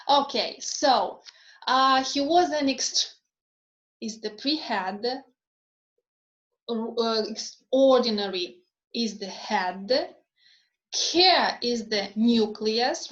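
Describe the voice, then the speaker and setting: Slow-talking woman lecturer in an echoey room. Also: on the high side. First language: not English. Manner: slow, deliberate, frequent ums and rhetorical questions. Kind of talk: recorded phonetics lecture. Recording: echoey room, dull lo-fi sound.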